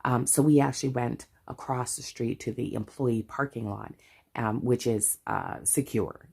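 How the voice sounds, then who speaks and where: A woman's voice: a bass voice, unhurried, creaky, dark tone, husky. A middle-aged Canadian woman telling a story in a casual chat, chatty and full of asides. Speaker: budgeting vlogger.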